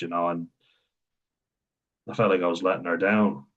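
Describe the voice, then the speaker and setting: A man's voice: sits low, little pitch movement, a little fast, pauses often. A young Irish man with a Wexford accent, rambling frankly in a personal vlog monologue, swearing freely and laughing between thoughts. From Ireland. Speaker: vlogger. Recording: dull lo-fi sound.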